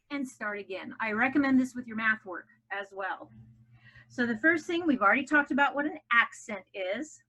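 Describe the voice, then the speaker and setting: Pitched on the high side, this ESL teacher's voice is pushed and bright, though the audio is poor. Breathless from jumping jacks, she leads a recorded lesson for young English learners, cheering them on and deliberately lengthening her stressed vowels.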